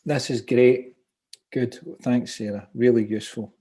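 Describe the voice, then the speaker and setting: In a mid-range, mellow voice with a steady tone, a man speaks a little slowly in his strong Glasgow accent. He hosts an upbeat, chatty online property training session, reading out comments from viewers.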